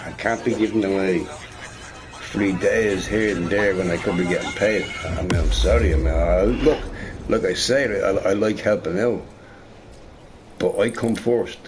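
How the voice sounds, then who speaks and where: Rambling low-voiced man chatting while gaming. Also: fairly even intonation, unhurried, music in the background. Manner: rambling, repeats "right?" often, restarts and swears. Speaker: streamer. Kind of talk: casual chat while gaming. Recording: noisy recording with game sound behind.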